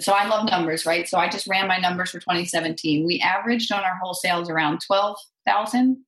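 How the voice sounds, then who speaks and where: A woman's voice: on the low side, echoey room, low-quality recording. A woman guest in a casual podcast interview, talking chattily about her business numbers with lots of fillers. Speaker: real estate investor guest.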